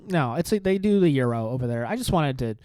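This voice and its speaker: A man's voice: mid-range voice, lively intonation, fast talker, darkish tone, no room sound. A man hosting his own podcast, talking alone in a sarcastic, provocative, rambling way. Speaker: podcast host. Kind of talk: solo comedic podcast rant.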